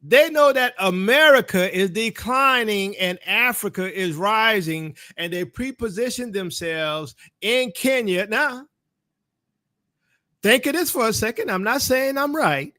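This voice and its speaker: A ministry teacher with a New Orleans accent gives religious commentary in a preaching style, calling directly on his audience. His voice sits high and sounds bright and forceful, expressive at a measured pace, recorded in studio quality with no room sound.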